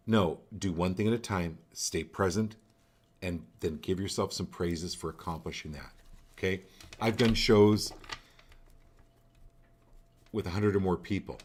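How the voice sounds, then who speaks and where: Deep-voiced man giving direct advice. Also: slow pace, pauses often. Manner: direct, coaching, repeats phrases for emphasis. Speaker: psychic card reader hosting a live show. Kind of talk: live-stream card reading.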